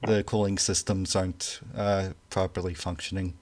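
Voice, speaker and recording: A man narrating a tabletop game as game master, speaking slowly and hesitantly with many fillers. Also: low-pitched, flat delivery, a little mellow.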